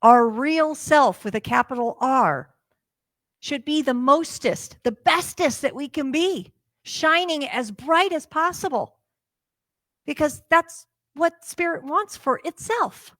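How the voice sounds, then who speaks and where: A woman minister preaching a sermon, telling a parable in a lively way and acting out its characters' lines. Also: high voice, slow, no echo. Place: church sanctuary.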